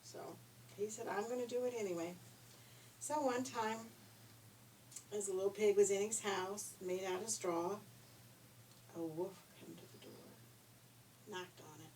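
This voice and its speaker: A woman's voice: medium pitch, steady tone, a little slow, long pauses, darkish tone. An older woman reading a children's story aloud in a homey, chatty storytelling way. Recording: distant mic, faint hiss.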